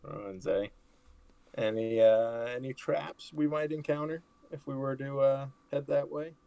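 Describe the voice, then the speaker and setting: A man's voice: medium pitch, steady tone, a little slow, vocal fry, mellow, clear, resonant tone, dry recording. A man playing a tabletop game over an online call, speaking hesitantly with many fillers. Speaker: player. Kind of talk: casual tabletop play.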